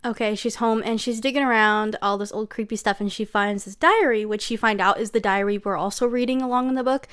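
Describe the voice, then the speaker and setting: A woman's voice: medium pitch, fairly even intonation, a little fast, hardly any pauses, fairly bright tone, clear, resonant tone. A young woman giving a casual, sarcastic book recap, gossipy and full of asides like "okay?". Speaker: book reviewer.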